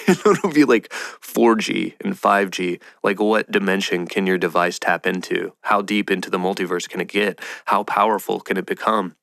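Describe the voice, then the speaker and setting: A man with a lowish, gravelly voice rambles on in a loose, playful monologue. He slips into mock voices now and then. The sound is dry and close, with no room around it. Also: normal speed, fairly bright tone, dry recording. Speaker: podcast host. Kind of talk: casual monologue.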